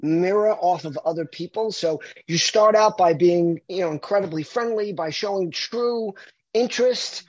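A man's voice: high voice, moderate pace, no echo. A man from the United States, a marketing consultant, talking animatedly as a guest in a casual interview, often restarting his sentences. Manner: animated, repeats words when restarting. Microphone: video call. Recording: dull lo-fi video call audio.

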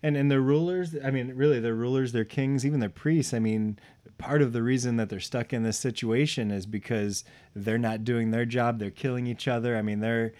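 A man's voice: medium pitch, fairly even intonation, moderate pace, a little mellow. An easygoing man with an ordinary mid-range voice, chatting casually about scripture. When he reads passages aloud, he leans on them with emphasis. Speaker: podcast co-host reading scripture. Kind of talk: casual conversational Bible study.

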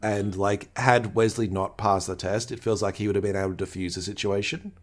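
Laid-back male co-host, lowish voice, supplies details calmly. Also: a little fast. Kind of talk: casual chat recapping an episode.

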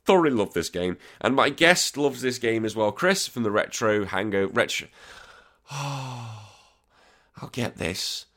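A man's voice: mid-range voice, expressive, slow, fairly bright tone. A man with a Liverpool accent and a sore throat, hosting a casual podcast chat, swearing freely and joking bluntly. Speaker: podcast host.

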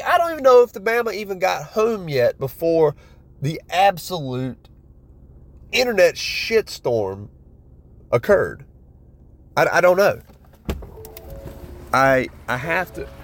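A man giving a blunt, profane, casual monologue, talking like a shooting-sports commentator. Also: on the high side.

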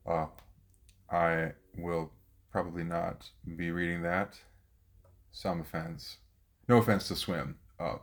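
Male podcast host, low voice, relaxed chat, reads poetry aloud. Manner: relaxed, thinking out loud with fillers. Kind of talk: casual chat and poetry reading.

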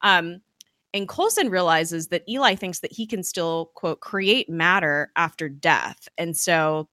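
A woman talks through a TV episode in a loose, chatty recap, full of fillers and quick laughs. Her voice is a little low for a woman, with a bright, forceful edge. The sound is dry and close, with little room around it. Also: dry recording. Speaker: podcast host recapping a TV episode.

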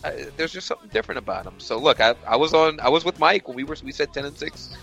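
A man's voice: a little high, animated, fast, creaky, a bit bright, faint music behind, rough recording. A man co-hosting a casual sports podcast, telling rambling stories with many restarts. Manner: rambling storyteller with frequent restarts. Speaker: podcast co-host.

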